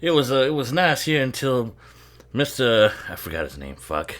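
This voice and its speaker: A man's voice: mid-range voice, sing-song, normal speed, fairly bright tone. A man giving casual, laughing commentary while watching a movie, swearing freely and rambling as he drinks bourbon. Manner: profane, laughing often, rambling.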